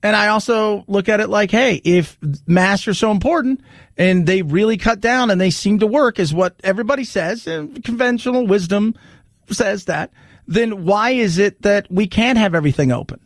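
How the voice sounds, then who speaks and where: A man's voice: high-pitched, normal speed, dry recording, studio quality. A man hosting a talk radio show, riffing animatedly in casual commentary and repeating lines for emphasis.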